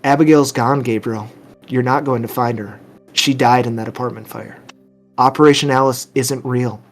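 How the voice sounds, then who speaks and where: A man voicing a calm psychiatrist who speaks gently and quietly to a patient. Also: mid-range voice, moderate pace, faint music behind, natural voice. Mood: firm. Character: calm soft-spoken male psychiatrist.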